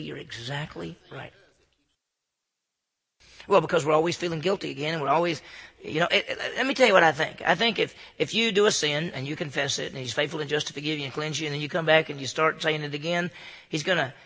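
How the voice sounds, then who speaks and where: A man's voice: a little high, vocal fry, a bit bright, slightly rough, in a large hall. A man giving an earnest, informal devotional talk to a group in a room, often stammering and restarting his sentences. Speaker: Christian speaker.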